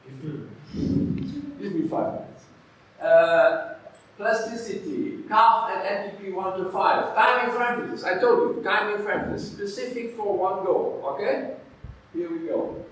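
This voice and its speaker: A man's voice: high-pitched, a little slow. Man lecturing in an echoey hall. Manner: emphatic, checking in often with "okay?" and "yeah?". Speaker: physiotherapy lecturer. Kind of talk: live lecture to a workshop audience. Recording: echoey hall, far from the mic.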